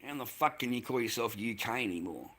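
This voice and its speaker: A man's voice: mid-range voice, lively intonation, brisk, a bit bright. Swearing Australian man ranting. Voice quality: crude, swearing, repeats himself. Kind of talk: profane rambling rant.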